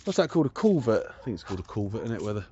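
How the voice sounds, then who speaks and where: Low-voiced male vlog host, curious and chatty, recorded outdoors on a camera with dull audio. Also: sing-song, very fast, dark tone, a little hiss or hum. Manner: curious, thinks aloud about old railway features. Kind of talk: casual walking commentary. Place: outdoors on a rural old railway trackbed.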